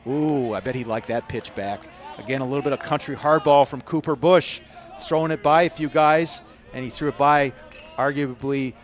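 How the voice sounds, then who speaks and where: A man with a Chicago American accent calling a youth baseball game live, chatty and often correcting himself. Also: medium pitch. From Chicago, United States. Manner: chatty, self-correcting, rising to shouts on big hits. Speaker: baseball commentator. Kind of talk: live play-by-play commentary.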